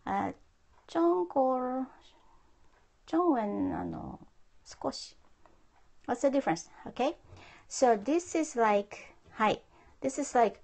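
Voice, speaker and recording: A woman teaching a live-streamed language lesson. She speaks slowly and patiently, repeating words for her viewers, with a gravelly edge to her voice. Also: high-pitched, animated, a little mellow. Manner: patient, repeats phrases, mixes English and Japanese. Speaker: Japanese teacher. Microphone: phone.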